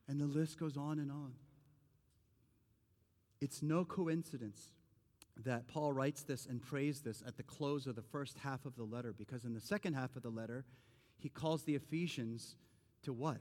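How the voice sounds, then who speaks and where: A man's voice: medium pitch, a little slow, a little mellow. A man in his forties, a pastor giving a sermon in a conversational, earnest way that builds to emphatic points. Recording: long reverb of a large hall.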